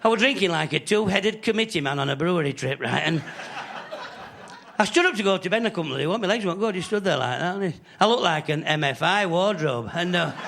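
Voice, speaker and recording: A man's voice: sits high, animated, fast talker, creaky, fairly bright tone. A man with a northern English accent telling cheeky, rambling jokes in a stand-up comedy act. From Northern England. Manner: cheeky, rambling joke-teller.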